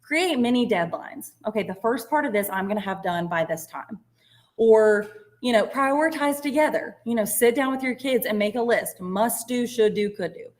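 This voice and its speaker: A woman, a special education teacher giving a casual workshop talk in a chatty, self-deprecating way with quick muttered asides. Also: on the high side, animated, a little mellow. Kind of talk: informal presentation.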